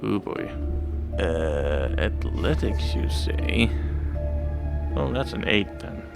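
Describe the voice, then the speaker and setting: A man playing in a tabletop game, talking slowly and hesitantly as he thinks aloud about his moves. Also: low-pitched, expressive, vocal fry, over music. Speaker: player. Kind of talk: casual tabletop play.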